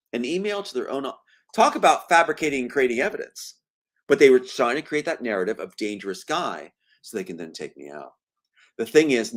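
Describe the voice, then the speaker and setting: A man speaking as an interview guest, telling stories emphatically. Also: mid-range voice. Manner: animated, emphatic storytelling. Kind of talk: conversational interview.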